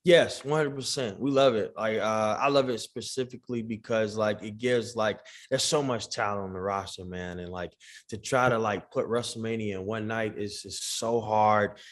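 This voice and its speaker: A man in his thirties, a guest wrestler, talking in loud, boastful hype, repeating himself and calling the host sir. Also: on the low side, steady tone, normal speed. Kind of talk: hyped trash talk.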